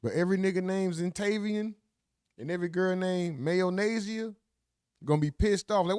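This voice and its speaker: A man with a fairly high voice rants through a casual live commentary, profane and slangy. He sounds close and dry, with no room around him. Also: normal speed, smooth, no echo. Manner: profane, animated, slangy ranting. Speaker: livestream commentator.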